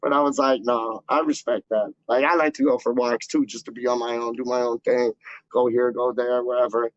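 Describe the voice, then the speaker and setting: A man's voice: medium pitch, flat delivery, fairly quick, dry recording. A man chatting casually to camera as a fan channel host, rambling and slangy with lots of fillers. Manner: slangy, loose, full of "like" and "dog" fillers. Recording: dull lo-fi dry sound.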